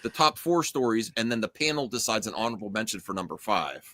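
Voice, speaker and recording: Male stream host, bright tone, lively delivery, dry close mic, rambling casual chat. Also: fairly low pitch, fast talker, dry recording. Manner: rambling, many fillers and restarts. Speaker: show host.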